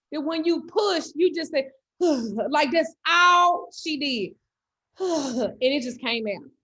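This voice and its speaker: A woman telling a comedic story in animated, loud, profane style. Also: sits high. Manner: animated, loud, cursing freely. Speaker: host.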